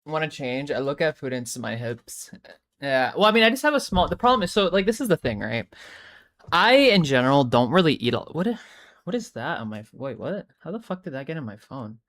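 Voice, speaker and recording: A young streamer, worn out and chatting casually to a live audience. The talk rambles, swears freely and keeps breaking off mid-sentence to start again, at a middling pitch. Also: sing-song, brisk, fairly bright tone. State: tired. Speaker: live streamer reading chat.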